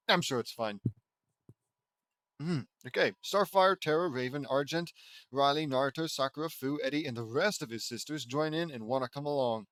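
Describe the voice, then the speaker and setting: A man's voice: mid-range voice, normal speed, a bit bright, no room sound, clean studio sound. A man casually reading his own fan fiction aloud, with self-deprecating asides and frequent self-corrections. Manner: self-deprecating, chatty, stumbles and corrects himself.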